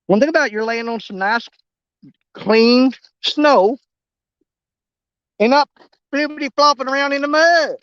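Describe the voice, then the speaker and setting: A man narrating a fishing trip on a snowy riverbank in a folksy, excitable way, talking straight to his viewers. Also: extremely high pitch, normal speed, pauses often, clear, resonant tone, no echo, lo-fi sound. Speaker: fishing vlogger. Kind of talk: casual outdoor commentary.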